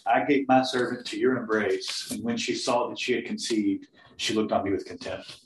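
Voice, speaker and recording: A man in a class reading a scripture passage aloud slowly and carefully. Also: lowish voice, steady tone. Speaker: student in class. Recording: distant echoey room, faint noise.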